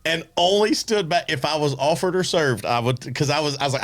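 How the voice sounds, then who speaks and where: A man hosting a podcast, telling animated anecdotes with restarts and chuckles. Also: fairly high pitch, fairly quick, no echo. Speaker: podcast host. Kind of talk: casual storytelling chat.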